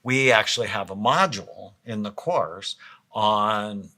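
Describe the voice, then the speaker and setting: A middle-aged man talks through a podcast conversation in a calm, explanatory way. His voice sits very low, yet his tone is strikingly bright and forward, and he often lets it sink soft and quiet. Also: a little slow. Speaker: podcast co-host, psychiatrist.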